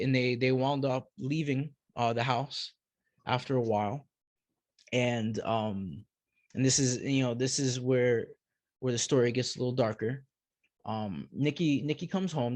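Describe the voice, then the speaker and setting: Halting man telling a personal story. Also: mid-range voice, dry recording. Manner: halting, repeats words while searching for them. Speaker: podcast guest.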